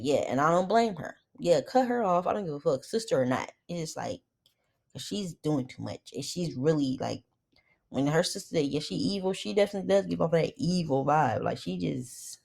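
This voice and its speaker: Low voiced young woman w/ gravelly fry, cussing n ranting about a reality show episode. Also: a little mellow. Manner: blunt, profane, opinionated ranting. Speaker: reality TV recap YouTuber. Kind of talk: casual episode recap commentary.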